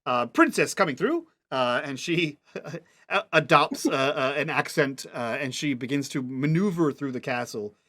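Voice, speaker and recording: A man narrating a tabletop game as game master, halting often as he searches for words. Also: medium pitch, a bit bright. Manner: halting, full of fillers and restarts.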